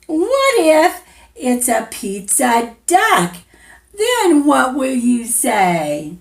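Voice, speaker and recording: A woman teacher reads a picture book aloud to little children, gentle and playful. She takes it very slowly, with a lively pitch that rises and falls through every question she asks them. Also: gravelly.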